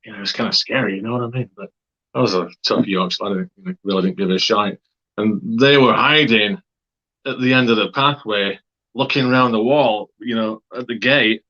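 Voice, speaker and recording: A man's voice: on the low side, normal speed, bright, forceful tone, dull audio. A man from Wakefield, England, telling a story in a casual, rambling way, with many fillers and hesitations. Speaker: interviewee.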